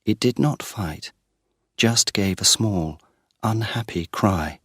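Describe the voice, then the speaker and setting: Slow, deep-voiced male storyteller. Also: fairly bright tone, husky, dry recording, clean studio sound. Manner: slow, careful, plain delivery. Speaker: narrator. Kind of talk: graded-reader story narration.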